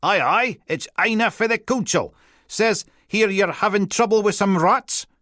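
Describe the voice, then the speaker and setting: Brash Scottish female inspector, rude and teasing, put on by a male narrator; pitched up, dry audiobook sound. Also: a little slow, fairly bright tone, dry recording. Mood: bossy.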